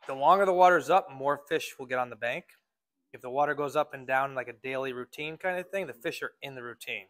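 A man's voice: medium pitch, a bit bright. A man working as a fishing guide, giving a casual talk to a club audience and speaking in a loose, filler-heavy way.

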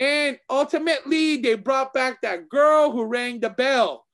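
A man with a high-pitched voice chats casually as a co-host, animated and excitable. He tends to repeat phrases as he gets worked up, in the loose tone of a martial arts instructor. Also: measured pace. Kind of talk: casual chat.

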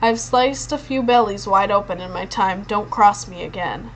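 A woman voicing a burly male cutthroat who speaks with chill indifference and quiet menace. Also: mid-range voice, normal speed, a little hiss or hum, close to an everyday voice, low-quality recording. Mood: menacing. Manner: chill, threatening delivery.

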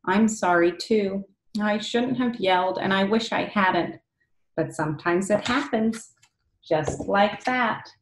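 A woman's voice: mid-range voice, slow, a little hiss or hum. Lady reading a worn-out loving mom from a picture book, singsongy, drawn out, roomy echo. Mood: tender. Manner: sing-song pleading, rising on the last word. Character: gentle, exasperated young mother. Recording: echoey room.

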